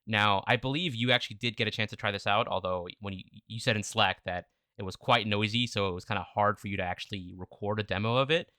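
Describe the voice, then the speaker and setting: Man, podcast co-host, lowish pitch, bright edge, dry close sound, enthusiastic questions. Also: quick pace, hardly any pauses, clear, resonant tone, dry recording. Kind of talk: casual tech podcast chat.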